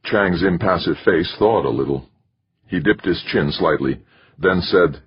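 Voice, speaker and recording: A man narrating a novel in a steady storytelling manner, in a dull lo-fi recording. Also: low voice, a little slow, husky. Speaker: audiobook narrator. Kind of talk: scripted narration.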